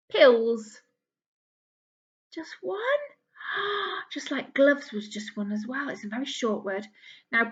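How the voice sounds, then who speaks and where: A woman teaching a phonics lesson to young children, speaking gently and encouragingly as she claps out syllables. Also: a little high, lo-fi sound.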